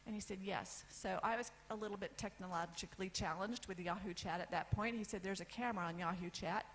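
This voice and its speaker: A woman in her fifties from the United States telling a personal story on stage, candid, with lists and pauses for effect. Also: medium pitch, slight background noise, poor audio. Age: 50s. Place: event stage.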